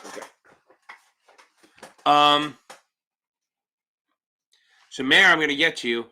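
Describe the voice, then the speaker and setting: A man tutors exam students on a live stream, answering their questions in a loose, rambling way. His voice sits a little high and rings very bright and sharp. He is blunt and swears freely as he goes. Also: slow.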